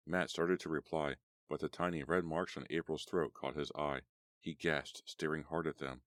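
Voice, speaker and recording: Very deep-voiced man narrating a horror audiobook. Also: fairly even intonation, normal speed, a bit bright, no room sound, clean studio sound.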